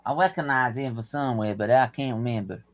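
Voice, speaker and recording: Host with a London accent, chatty and profane, tells stories with lots of laughter. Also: male voice, medium pitch, quick pace. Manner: laughing, swearing, animated storytelling. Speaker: stream host. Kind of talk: casual live watchalong chat.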